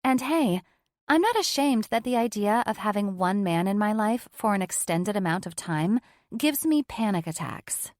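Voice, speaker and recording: A woman's voice: medium pitch, lively intonation, moderate pace, a little mellow, no room sound, studio quality, natural voice. A woman voicing a smug, tipsy woman friend who is catty and teasing, stretching her words condescendingly.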